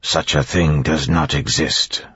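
Man voicing a muffled, stiff wolfhound servant, very deep and husky, dull sound. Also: takes it slowly, no echo, full character voice. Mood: stiffly formal. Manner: formal, flat, obedient. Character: dutiful male shapeshifter in wolfhound form.

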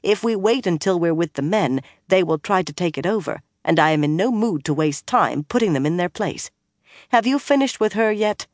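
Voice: mid-range voice, animated, normal speed, no room sound, clean studio sound, natural voice. An audiobook narrator voicing a bossy young woman who snaps out orders. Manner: snappish and commanding. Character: sharp-tongued bossy young woman leader.

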